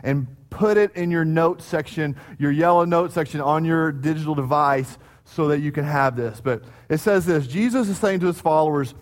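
A man preaching a sermon, telling a lively story and acting out crowd chants before reading scripture. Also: on the high side, moderate pace, hardly any pauses. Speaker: pastor.

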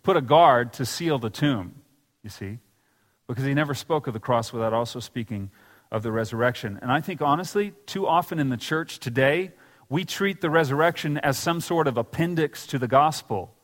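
A man's voice: mid-range voice, a little fast, fairly bright tone, in a large hall. A man preaching a sermon in a church, telling scripture stories and acting out the quoted lines. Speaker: pastor. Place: church sanctuary.

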